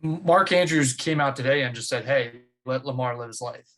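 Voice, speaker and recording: A young man co-hosting a sports podcast in casual chat, talking in a measured, thoughtful way. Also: medium pitch, fairly bright tone, rough recording. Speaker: podcast co-host.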